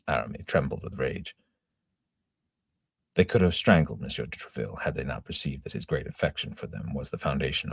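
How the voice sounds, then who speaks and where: A middle-aged man reading a classic novel aloud in a plain, steady manner, with occasional stumbles. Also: rumbling low, gravelly, breathy edge, dry recording, clean studio sound. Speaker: reader.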